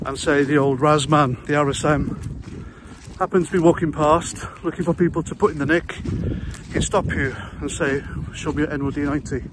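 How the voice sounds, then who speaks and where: British bloke in his 40s, sarcastic and sweary, huffing along a country path with his phone, wind and outdoor noise all over it. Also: a little high. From Britain. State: breathing heavily while walking. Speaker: vlogger, ex-soldier and ex-prison officer. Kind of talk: sarcastic walking vlog monologue. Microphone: handheld phone camera. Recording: outdoor noise while walking.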